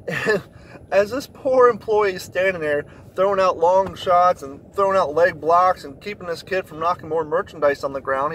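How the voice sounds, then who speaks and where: A man telling a story in a blunt, profane rant, getting louder when indignant. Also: on the high side, a little hiss or hum, low-quality recording. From Kentucky, USA. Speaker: vlogger. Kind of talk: ranting storytelling monologue.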